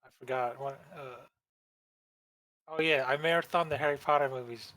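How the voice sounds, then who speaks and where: A man co-hosting a podcast, making deadpan, teasing remarks in casual chat. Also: mid-range voice, normal speed, no room sound, rough recording. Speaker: podcast co-host.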